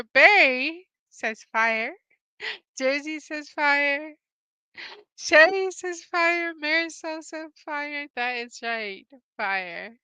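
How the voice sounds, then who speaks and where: A woman with a slightly high, bright voice hosts a live-stream Bible trivia game. She talks slowly and clearly, with a smooth, crisp sound. She is cheerful, laughs often and reads her viewers' answers aloud. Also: dry recording. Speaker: host.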